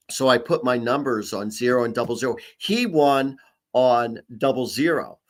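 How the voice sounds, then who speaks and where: A middle-aged psychic and comedian with a medium-pitched voice hosts a casual live-stream reading show at a measured pace. He rambles through personal stories, restarts his sentences often, and jokes and laughs while reading horoscopes for viewers.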